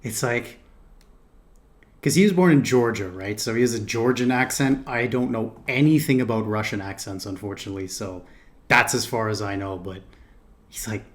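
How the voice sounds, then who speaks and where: A man's voice: lowish voice, moderate pace. A man hosting a reaction video, thinking aloud in casual commentary, hesitating and correcting himself.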